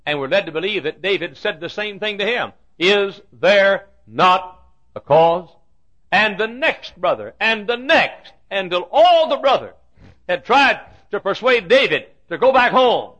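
Dramatic, lively-voiced male preacher. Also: sits high, normal speed. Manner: dramatic storytelling, swinging from loud declarations to hushed asides; acts out the Bible characters' lines. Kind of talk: sermon.

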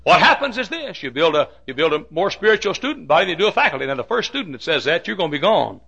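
A man preaching a fiery sermon, swinging from shouts to hushed asides. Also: a little high, big pitch swings, fast talker, creaky, husky, dull audio. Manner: fiery preaching with sudden shouts and drops to quiet. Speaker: pastor.

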